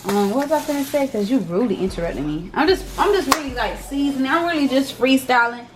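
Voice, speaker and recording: A young woman with a high, lively voice talks quickly and casually as she cooks for her channel, with noise in the background. This cooking vlogger keeps the chat playful and teasing, peppered with slang.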